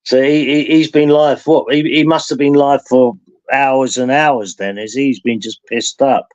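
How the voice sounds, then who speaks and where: A man's voice: mid-range voice, steady tone, measured pace, a little mellow. He is a man hosting a live stream who chats casually, rambles through his stories and laughs along as he goes. The sound is dull and lo-fi. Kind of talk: casual chat.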